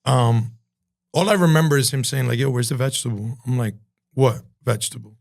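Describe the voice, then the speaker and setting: A man, a chef being interviewed, telling profane, animated stories and acting out the voices of other people. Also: mid-range voice, a little fast, gravelly. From Cuban-American from New Jersey. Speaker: chef and entrepreneur, podcast guest. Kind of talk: casual storytelling interview.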